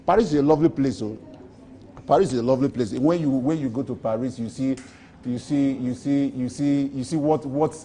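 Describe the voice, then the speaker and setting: A man's voice: mid-range voice, warm tone, a little hiss or hum. A Nigerian man in a street interview, rambling playfully and boasting, repeating his phrases.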